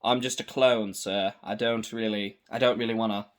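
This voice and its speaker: A man's voice: lowish voice, normal speed, pitched below the performer's own voice, close to an everyday voice. A man doing a dull, dutiful clone soldier. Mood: subdued. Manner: flat, subdued, order-following.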